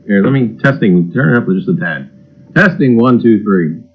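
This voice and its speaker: A man's voice: fairly low pitch, animated, normal speed, breathy edge, muffled recording. A man hosting a livestream in a folksy, jokey way, greeting viewers by name and repeating his catchphrases. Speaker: livestream host. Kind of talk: casual livestream chat.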